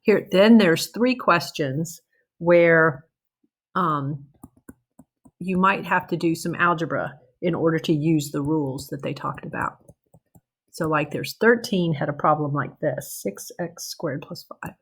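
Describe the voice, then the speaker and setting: A woman with a slightly low voice teaches calculus in a recorded lecture. She talks conversationally, often checking in with "okay?", and restarts or corrects herself as she works through the problems. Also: measured pace, breathy edge. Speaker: math teacher.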